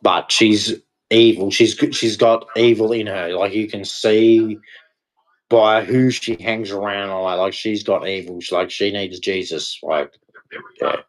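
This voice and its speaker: A man's voice: on the low side, steady tone, unhurried, rough recording. Heated ranting man vlogging. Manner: heated, repetitive, blunt, swears. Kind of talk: casual ranting monologue.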